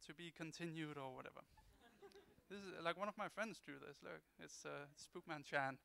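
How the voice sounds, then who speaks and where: A man speaks on a convention panel, joking and poking fun at himself. His voice is bright and gravelly, with a crisp, clear tone. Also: fairly high pitch, moderate pace, no echo. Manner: self-mocking, jokey. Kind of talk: live panel talk.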